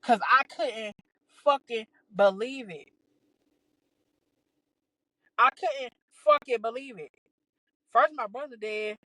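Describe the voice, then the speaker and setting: A young adult woman, talking a bit high in her range. She recounts a story in a loose, profane, exasperated podcast style, stumbling and restarting as she goes. The recording is close and dry, with no room sound around her. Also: measured pace, bright, forceful tone, dry recording, rough recording. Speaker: podcast host. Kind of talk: casual storytelling.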